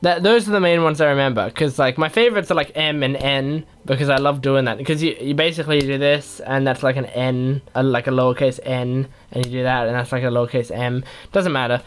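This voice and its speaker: A man's voice: medium pitch, steady tone, fairly quick, few pauses, smooth. A young man answering fan questions in a casual, rambling, playful way. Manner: rambling, playful, self-mocking. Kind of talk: casual Q&A chat.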